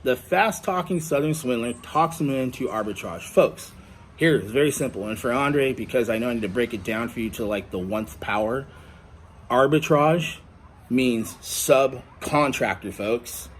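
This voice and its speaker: Male vlogger, combative rant, salty language; quiet room hum behind. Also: mid-range voice, lively intonation, brisk. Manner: blunt, profane, combative. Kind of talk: angry ranting monologue. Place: indoors at home.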